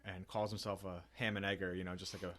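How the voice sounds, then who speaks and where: A man's voice: sits low, flat delivery, fast, a bit bright. A young man co-hosting a film podcast, retelling scenes with enthusiasm and quoting characters in put-on voices. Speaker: podcast co-host. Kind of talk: casual chat.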